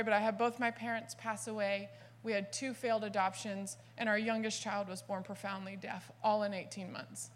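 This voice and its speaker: Southern woman, conference speaker, sermon style, animated storyteller with a bright, sharp tone. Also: on the high side. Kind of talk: sermon with personal stories.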